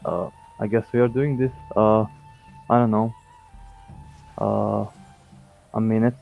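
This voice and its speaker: A man's voice: lowish voice, little pitch movement, takes it slowly, gravelly, faint music behind. A man playing in a tabletop game, speaking hesitantly with lots of fillers. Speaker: player. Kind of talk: casual tabletop play. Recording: tinny phone-like line.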